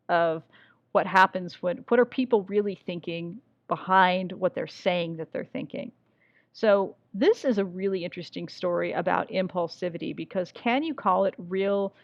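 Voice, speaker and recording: A woman teaching a literature lesson, talking in a casual way and asking rhetorical questions. Her voice sits low with a gravelly fry. The recording is dry and slightly muffled. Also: no room sound. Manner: conversational, asks rhetorical questions, reads passages aloud. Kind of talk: recorded class lecture with read-aloud passages.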